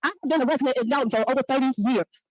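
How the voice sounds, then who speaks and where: A woman's voice: high voice, rapid-fire, a little mellow, dry recording, rough recording. A woman resident giving an indignant, accusing public comment at a town meeting.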